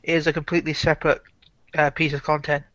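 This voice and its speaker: Stammering man with a bright flat voice. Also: on the high side, quick pace, no echo. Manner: stammers, repeats words. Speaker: podcast co-host. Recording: dull, dry lo-fi audio.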